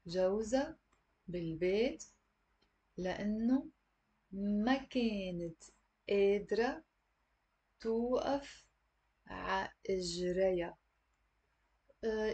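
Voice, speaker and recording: Lebanese woman, young, teacher, mellow warm tone, patient and repetitive delivery. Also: mid-range voice. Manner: patient, repeats words slowly for learners. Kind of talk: online language lesson.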